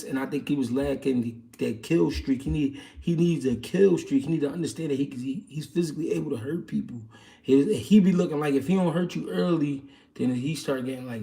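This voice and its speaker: A man's voice: on the high side, gravelly, mellow, distant mic. A man hosting a livestream, answering viewer questions in casual, slangy boxing chat with loose street talk and many fillers.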